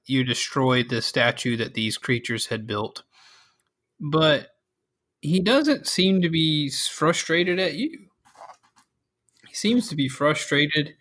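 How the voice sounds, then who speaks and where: A man narrating a tabletop game as game master, relaxed and full of fillers. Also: mid-range voice.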